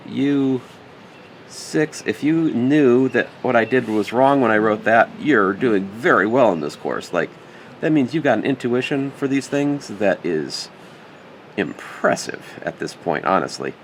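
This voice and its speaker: This math instructor has a medium-pitched, animated voice and keeps a measured pace as he writes and reasons through a problem in a recorded lecture. He jokes in passing and mutters self-corrections, with a little hiss or hum in the audio.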